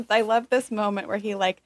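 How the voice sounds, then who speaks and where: A woman retells a book's plot in relaxed, chatty talk, and she now and then mimics the characters with mocking voices. Her voice sits at an average pitch. The room sounds dry and close. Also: moderate pace, no room sound. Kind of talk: casual chat.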